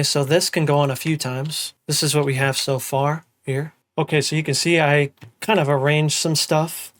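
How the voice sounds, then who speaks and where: A young man giving a casual music production tutorial, humming drum patterns out loud as he works. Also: a little high. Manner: relaxed, hums and sings drum parts aloud. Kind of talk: casual screen-recorded tutorial.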